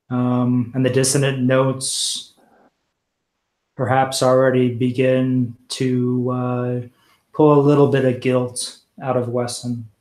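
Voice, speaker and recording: Flat-voiced man in an echoey room. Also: mid-range voice. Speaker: player. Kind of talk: narrating a tabletop story game.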